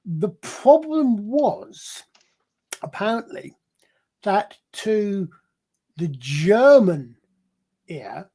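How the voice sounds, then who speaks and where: A man's voice: sits high, sing-song, extremely slow, pauses often, mellow, husky. A man in a casual panel chat, explaining things at length in a rambling, digressive way with many restarts. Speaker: panel guest.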